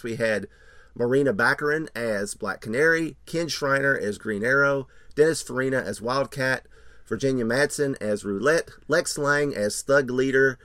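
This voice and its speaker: A male podcast co-host with a middle-pitched voice, recorded close and dry with no room sound. He mixes easy laughing banter with read-out episode summaries. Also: fairly bright tone, no echo. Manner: laughs often, reads credits and plot summary. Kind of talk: casual chat and scripted episode recap.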